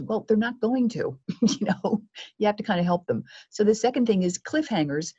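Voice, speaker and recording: A woman speaking as a guest media coach in a podcast interview, lively and acting out quoted exchanges. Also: medium pitch, fairly quick, breathy edge, muffled recording.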